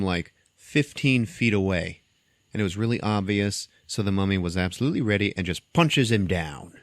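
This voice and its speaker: A deep-voiced man tells a movie plot in a loose, comedic way and acts out the characters. He is recorded close and dry, with no room sound. His delivery is animated and conversational. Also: dry recording. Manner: animated storytelling, acting out scenes. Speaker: podcast host. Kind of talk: casual comedic movie recap.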